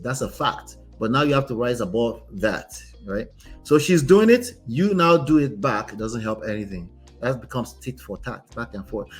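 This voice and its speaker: Guy talking relationships, keeps going "right?", emphatic, faint music behind. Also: medium pitch. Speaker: relationship coach host. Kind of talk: casual commentary on a reader's story.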